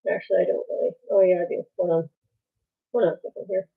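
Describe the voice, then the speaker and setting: A woman telling a painful story on a live stream, halting and pausing as she goes. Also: lowish voice, steady tone, gravelly, slightly rough. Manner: halting, with many pauses and restarts. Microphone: phone. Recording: tinny phone-like sound.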